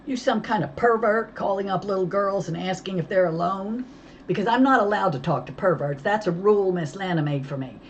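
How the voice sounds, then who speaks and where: A woman voicing a feisty, hot-tempered young girl who talks loud and snappy in a storybook reading. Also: mid-range voice, brisk, slight background noise, pitched above the performer's own voice, natural voice. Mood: defiant.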